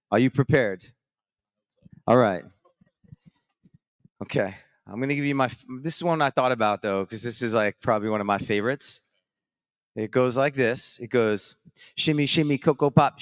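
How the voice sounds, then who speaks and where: A man's voice: on the low side, no echo, clean studio sound. A man hosting a live morning show from a conference stage, energetically calling up contestants and beatboxing rhythms for them to dance to.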